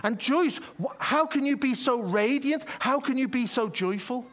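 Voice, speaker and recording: A man's voice: extremely high pitch, lively intonation, normal speed, fairly bright tone, pitched above the performer's own voice. A man preacher voicing an angry, frustrated man who rages about a friend's illness, firing off indignant, pleading questions. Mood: raging.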